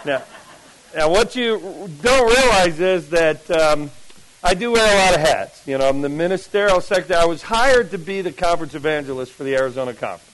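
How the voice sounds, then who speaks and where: A middle-aged man from New Jersey, whose accent has mostly worn off, preaches at a camp meeting in a fairly high voice. He talks to the congregation like a storyteller, full of asides and questions. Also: a little fast, low-quality recording. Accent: mixed American, mostly lost New Jersey. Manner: chatty storyteller, animated asides to the audience. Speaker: pastor. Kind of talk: sermon.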